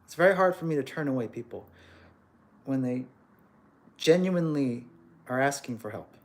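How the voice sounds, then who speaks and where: Guy ranting on his livestream, opinionated, keeps asking rhetorical questions, mid-pitched voice. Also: expressive, moderate pace. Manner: acts out quoted voices. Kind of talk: casual livestream monologue.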